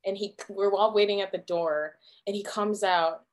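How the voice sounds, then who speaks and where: A young adult woman, a podcast guest, telling personal stories in a lively way, swearing freely and laughing as she talks. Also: mid-range voice, moderate pace. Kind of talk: casual storytelling interview.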